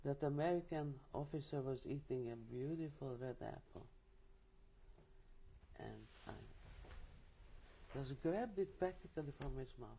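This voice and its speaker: Older woman, interview testimony, lively storytelling, dark mellow timbre. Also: a bass voice, measured pace, pauses often, a little hiss or hum. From Czechoslovakia. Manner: vivid storytelling with restarts and asides. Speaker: interviewee, Holocaust survivor. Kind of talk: oral history testimony.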